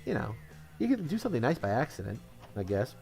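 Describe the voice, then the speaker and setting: A man's voice: mid-range voice, wildly swooping pitch, fast talker, creaky, a little mellow. Male comic from Connecticut, mid-range voice, reels off one-liners and chuckles at his own lines; faint music bed. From Connecticut, USA. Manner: chuckles at his own jokes, offhand self-commentary. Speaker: comedian. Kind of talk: telling one-liner jokes.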